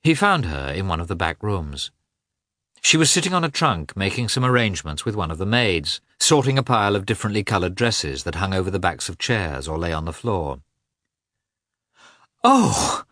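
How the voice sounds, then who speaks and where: Male audiobook reader, expressive and dramatic, low-pitched, dry studio sound. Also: brisk, no echo. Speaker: audiobook narrator. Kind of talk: scripted narration.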